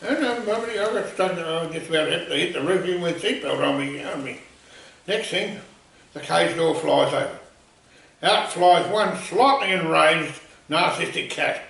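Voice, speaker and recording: A man telling a comic anecdote in a rambling, animated way. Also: fairly high pitch, moderate pace, gravelly. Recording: echoey room, voice far from mic.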